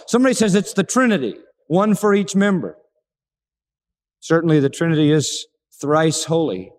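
Animated preacher with a high, lively voice. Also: male voice, normal speed. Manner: animated, dramatic, acts out quoted speech. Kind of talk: sermon. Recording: long reverb of a large hall.

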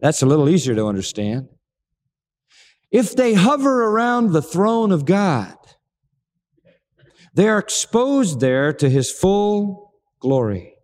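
A man delivers a sermon in a high voice that swoops up and down with real animation. He gets dramatic and acts out the words he quotes. His voice trails off in the long reverb of a large hall. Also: darkish tone. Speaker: preacher.

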